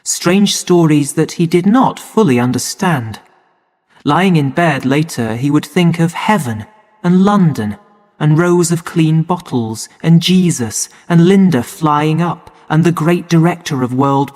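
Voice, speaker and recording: A man narrating a story for English learners in a slow, clear and measured way. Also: a little high, darkish tone. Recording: long hall reverb.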